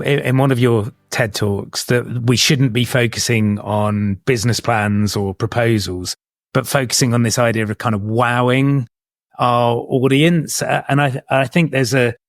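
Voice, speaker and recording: A man's voice: medium pitch, no echo. Earnest male podcast host, dry sound. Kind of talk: podcast interviewing and appeal to listeners.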